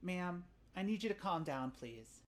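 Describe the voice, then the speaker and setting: A woman's voice: on the low side, lively intonation, a little slow, heavy background noise, voice pushed up. A woman voicing a harried young male city cadet who keeps placating an impatient person in line. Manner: patient, repetitive placating.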